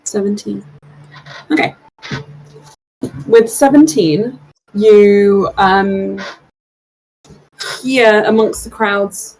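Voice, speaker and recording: A woman running a tabletop game as game master, narrating scenes in a relaxed, hesitant way with many fillers. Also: medium pitch, very slow, pauses often, rough recording.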